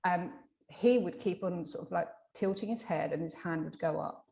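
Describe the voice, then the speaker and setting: Animated woman telling a client story. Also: on the low side, normal speed, gravelly. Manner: animated, acts out quoted dialogue; many fillers and restarts. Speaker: hypnotherapist guest. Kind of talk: casual storytelling interview.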